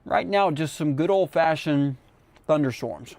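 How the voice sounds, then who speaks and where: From a radio studio, a man with a slightly high, somewhat mellow voice hosts live severe weather coverage, speaking unhurriedly with no echo. He's casual and chatty, tracking storms while eating and talking with his mouth full.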